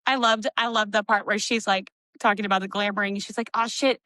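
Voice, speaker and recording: A woman co-hosting a casual book-club podcast, animated and acting out quoted lines. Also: medium pitch, fast, dry recording, clean studio sound. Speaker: podcast co-host.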